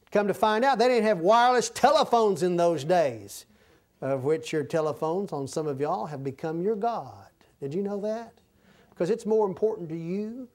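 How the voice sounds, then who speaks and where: Folksy preacher, high voice. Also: male voice, a little mellow. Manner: folksy, humorous preaching with sudden swings in pitch and volume. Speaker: pastor. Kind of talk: sermon. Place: church sanctuary.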